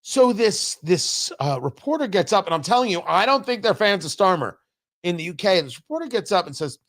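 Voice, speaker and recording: A man's voice: sits high, sing-song, a bit bright. A man hosting a political talk show, giving emphatic, opinionated commentary. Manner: emphatic, opinionated, drawn-out pauses for stress.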